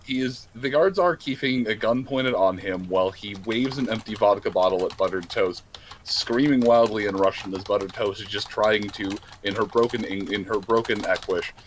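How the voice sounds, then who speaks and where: A man narrating a tabletop role-playing game as game master, describing scenes in a loose, quick way. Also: fairly low pitch, slight background noise, low-quality recording.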